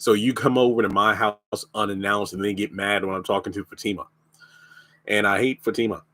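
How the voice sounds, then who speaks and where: A man's voice: on the low side, steady tone, brisk, sharp tone, no echo. A man with a lingering cough, bluntly reviewing a TV show in a casual live stream. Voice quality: blunt, opinionated.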